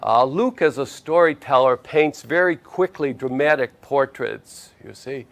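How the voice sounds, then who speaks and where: A man's voice: medium pitch, a little slow, fairly bright tone. A man teaching in a conversational storytelling lecture, often checking in with his listeners. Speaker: spiritual teacher.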